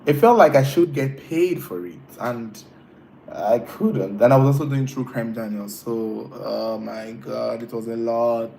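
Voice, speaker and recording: A man's voice: medium pitch, measured pace, gravelly, warm tone, a little hiss or hum, rough recording. A man hosting a casual live stream, chatting with viewers, teasing them and laughing often. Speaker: livestream host reading chat.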